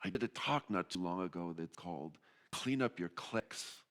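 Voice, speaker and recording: A male pastor preaching with a lively, swooping voice that leaps up high for emphasis. His talk is loose and conversational, and he keeps repeating his main phrases. Now and then he slips into quick voices for people in the stories. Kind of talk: sermon.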